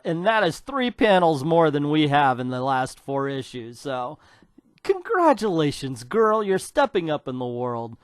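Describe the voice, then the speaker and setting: Man, comic book reviewer, sarcastic rant, scornful, fairly high voice, dry sound. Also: big pitch swings, moderate pace, no room sound.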